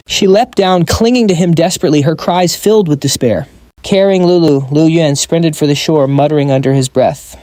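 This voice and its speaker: A man's voice: a little high, fairly quick, mellow, no room sound. Man narrating a comic recap.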